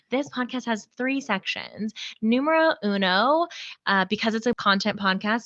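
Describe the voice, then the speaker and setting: A young woman from Birmingham co-hosts a podcast, rambling in animated bursts and laughing often. Her voice is bright and forward, and it is recorded dry with slightly muffled, lo-fi sound. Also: mid-range voice, no room sound. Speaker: podcast co-host. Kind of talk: casual chat.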